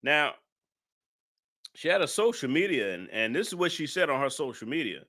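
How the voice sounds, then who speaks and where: A man's voice: on the high side, very animated, moderate pace, sharp tone. A man giving live-stream commentary, emphatic and repeating his points with indignant rhetorical questions.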